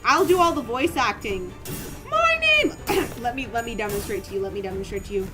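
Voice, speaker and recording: A German woman streams a video game over game music, chatting, joking playfully, and reading the game text aloud. Her voice is medium in pitch and quick, and her casual commentary is animated and jokey.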